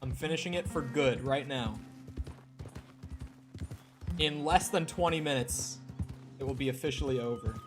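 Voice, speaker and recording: Music plays in the background while a young gamer chats with his stream's viewers, tossing in the occasional swear word mid-play. He speaks in an unhurried way at a medium pitch, with frequent pauses.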